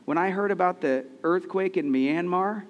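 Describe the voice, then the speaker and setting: Male pastor, thirties, slightly high voice, earnest conversational sermon, long hall reverb. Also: normal speed, lo-fi sound. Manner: conversational, earnest, rhetorical questions.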